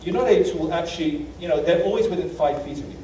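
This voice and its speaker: British guy lecturing, mellow voice, self-deprecating storyteller, distant echoey hall with faint hiss. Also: fairly high pitch, quick pace. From Britain. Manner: anecdotal, self-deprecating, many fillers. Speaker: guest lecturer. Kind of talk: humorous travel lecture.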